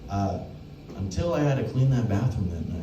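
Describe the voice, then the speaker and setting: A young man doing open mic stand-up, telling a crude story with loud acted-out quotes. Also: fairly low pitch, sing-song, fairly quick, highs cut off, noisy background. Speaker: stand-up comedian. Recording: echoey room, mic heard from a distance.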